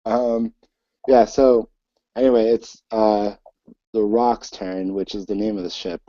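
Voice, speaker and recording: A man narrating as game master for a tabletop game, talking in a halting way with many ums and restarts. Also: fairly low pitch, little pitch movement, dark tone, no room sound, highs cut off.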